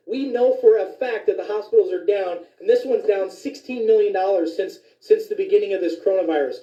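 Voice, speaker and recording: Fired-up ranting man, dark and distant. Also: high voice. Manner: indignant, profane, fired up. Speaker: physician. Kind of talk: ranting commentary video. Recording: distant, echoey, dull lo-fi sound.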